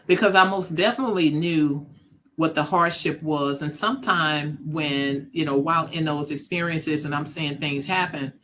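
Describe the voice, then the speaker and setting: A woman's voice: low-pitched, normal speed, fairly bright tone. Middle-aged woman telling a family story, earnest and reflective, bit of background noise. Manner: earnest, reflective, acts out quoted voices. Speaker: mother sharing her story. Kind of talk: casual conversation, storytelling.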